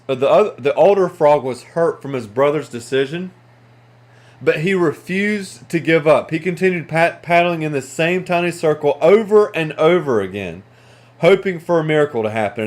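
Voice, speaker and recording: Brief: man with a fairly high voice, earnest motivational storyteller, restarts words. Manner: earnest, conversational, frequent restarts. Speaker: motivational speaker.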